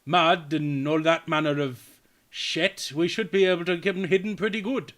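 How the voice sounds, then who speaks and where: A man's voice: on the high side, fairly even intonation, moderate pace, a bit bright, a little hiss or hum, natural voice. A man voicing a boisterous, swearing Welsh man from the valleys in a tabletop game. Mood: cocky. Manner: chatty, swearing, proud.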